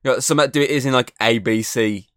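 A man's voice: medium pitch, fast, a bit bright, clear, resonant tone, no echo, studio quality. A man co-hosting a podcast, talking in a loose, rambling way that is full of fillers and swearing. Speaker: podcast co-host. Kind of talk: casual chat.

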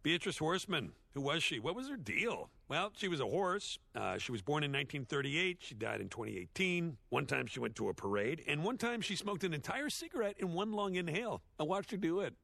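A washed-up cartoon horse with a gravelly, husky low voice. His pitch swings widely as he rambles through sardonic, self-deprecating jokes, recorded close and dry. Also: very animated, brisk, hardly any pauses, fairly bright tone, no room sound, heavily acted. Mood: awkward. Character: washed-up male horse sitcom star, sardonic, self-loathing. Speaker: eulogy speaker. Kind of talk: animated series dialogue, comic monologue.

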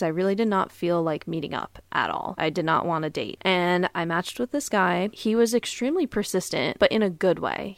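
Blunt, profane woman in her twenties; lowish fry-heavy voice, dry booth sound. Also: dry recording. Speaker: podcast host. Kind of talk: casual storytelling podcast.

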